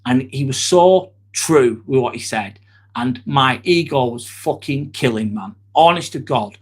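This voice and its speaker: A man's voice: mid-range voice, animated, measured pace, slightly rough. A man, hosting a casual live stream, talking bluntly and candidly while answering chat comments. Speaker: livestream host.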